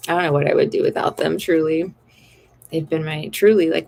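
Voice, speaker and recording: Woman, tarot-stream host, casual chatty delivery, creaky fry. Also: sits low, moderate pace, darkish tone, a little hiss or hum, poor audio. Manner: chatty and apologetic, with easy laughs. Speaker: tarot reader hosting a live stream. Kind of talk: casual live-stream chat.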